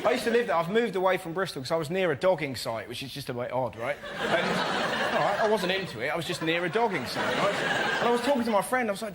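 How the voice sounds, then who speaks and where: A man telling animated comic stories as a panellist on a TV comedy show. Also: sits high. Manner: animated storytelling, quick voice switches. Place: TV studio with live audience. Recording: studio audience laughter, noisy.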